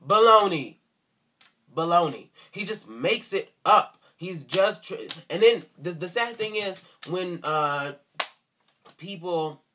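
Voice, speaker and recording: A man's voice: high voice, animated, slow pace, fairly bright tone, slight background noise. A man speaking in an indignant, sarcastic rant for a response video, repeating himself for emphasis. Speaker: video commentator.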